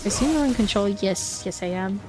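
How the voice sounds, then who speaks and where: A woman's voice: mid-range voice, lively intonation, fairly quick, music in the background. A woman streamer giving casual, playful commentary while she plays, chatting to herself and laughing easily.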